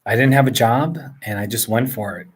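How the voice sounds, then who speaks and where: Husky and brisk, his mid-range voice carries a casual, rambling live chat from indoors at home. The forties-aged man from northern New Jersey chuckles often while he answers viewers' questions.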